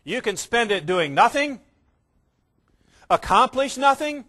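A man preaching a sermon, emphatic, slowing down to stress key words and mimicking casual believers in quick asides. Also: very high voice, big pitch swings, sharp tone.

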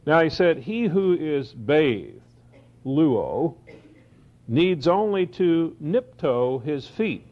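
A man teaching the Bible verse by verse, reading scripture slowly and then explaining it in quick asides. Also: fairly high pitch, sing-song. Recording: dull lo-fi recording.

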